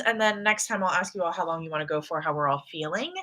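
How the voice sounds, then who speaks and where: A young woman from the States talks fast in a fairly low voice as host of an easygoing reading livestream. Chatty and relaxed, she reads the chat messages aloud.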